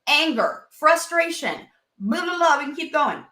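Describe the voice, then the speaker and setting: Therapist lady chatting on a podcast, acts out voices, kinda echoey room, bright sound. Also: sits high, a little slow. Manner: animated, acts out quoted inner voices, swears casually. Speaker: licensed marriage and family therapist, guest. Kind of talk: casual podcast conversation.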